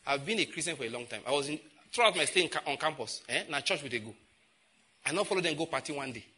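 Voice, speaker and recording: Forceful Nigerian preacher, emphatic. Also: male voice, fairly high pitch, expressive, fast, husky. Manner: emphatic, repeating phrases, with sudden loud outbursts; slips into pidgin asides. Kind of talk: sermon.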